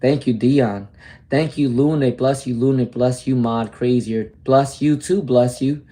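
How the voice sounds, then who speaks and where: A man's voice: mid-range voice, unhurried, mellow. A man with a New York accent giving an upbeat, encouraging live tarot reading and answering viewers' questions. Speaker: tarot reader.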